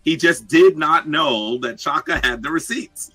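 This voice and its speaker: A man explaining his side on a live debate show, animated and talkative. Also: on the high side, moderate pace, hardly any pauses, no room sound, soft background music, low-quality recording. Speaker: guest commentator.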